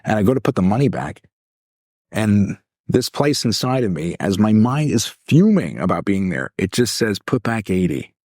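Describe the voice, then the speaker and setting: A man co-hosting a podcast as a life coach, telling a long story in an animated way, acting out voices and laughing often. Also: on the low side, moderate pace, dry recording, clean studio sound. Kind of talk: casual storytelling chat.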